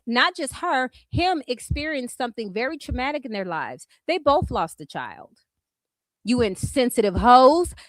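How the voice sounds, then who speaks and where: A woman's voice: high voice, a bit bright, no room sound. A woman from California with a Californian accent, ranting bluntly and profanely at trolls on her commentary vlog. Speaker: YouTube commentary host.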